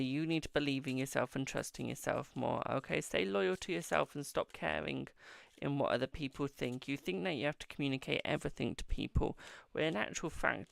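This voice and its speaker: Very gravelly man reading tarot. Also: fairly high pitch, fairly bright tone, no echo. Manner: affectionate, calls viewers "my darling". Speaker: tarot reader hosting a live stream. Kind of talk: casual live-stream tarot readings.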